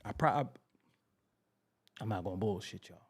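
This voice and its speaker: A man hosting a podcast, telling music history stories in a casual, animated way and repeating himself for emphasis. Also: fairly low pitch, normal speed, husky. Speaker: podcast host.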